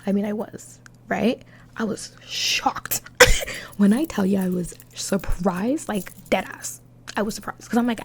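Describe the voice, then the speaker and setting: A young woman telling a dramatic storytime in a casual, animated way, swearing freely. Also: mid-range voice, unhurried, slightly rough. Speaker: vlogger.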